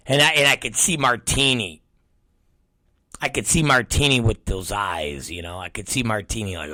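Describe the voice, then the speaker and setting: Brisk and mid-range, a middle-aged man's voice carries his show as he tells a profane story, animatedly acting out the people's voices and swearing constantly. There is no echo.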